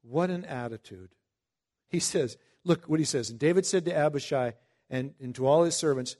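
A man preaching a Bible-teaching sermon in a conversational way, reading scripture slowly and breaking into emphatic asides. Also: fairly high pitch, dark tone. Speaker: pastor.

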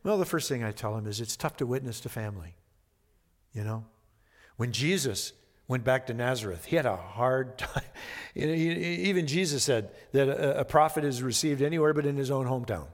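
An animated, brisk male pastor with a mid-range voice gives an expository sermon, his words carrying a long hall reverb. He reads scripture dramatically before talking it over in a conversational way.

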